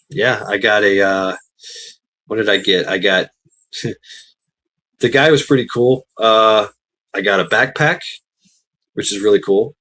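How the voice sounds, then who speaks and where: A man's voice: lowish voice, sharp tone, low-quality recording. A man hosting a livestream, telling a casual rambling story, laughing often and swearing freely. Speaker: livestream host.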